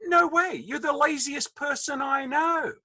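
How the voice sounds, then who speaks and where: An Australian man voicing his exasperated father scolding a lazy teenage son, in a high, indignant, shouting voice. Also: huge pitch swings, fast, husky, heavily acted.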